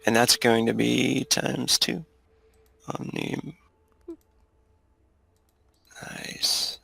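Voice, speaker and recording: A man running a tabletop game, relaxed, explaining rules and outcomes to his players. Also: medium pitch, drawn-out words, creaky, slightly rough, dry recording. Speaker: game master.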